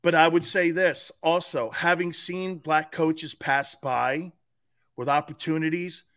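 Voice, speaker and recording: Middle-aged sports radio guy swearing and laughing thru a story, kinda high voice. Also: measured pace. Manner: profane, laughing, animated retelling. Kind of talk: casual storytelling chat.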